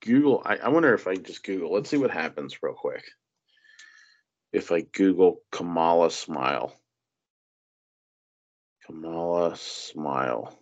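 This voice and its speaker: A man's voice: low-pitched, unhurried, long pauses. Mocking, profane man, lo-fi sound. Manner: mocking, animated impressions, profane. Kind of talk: casual political chat. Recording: dull lo-fi sound.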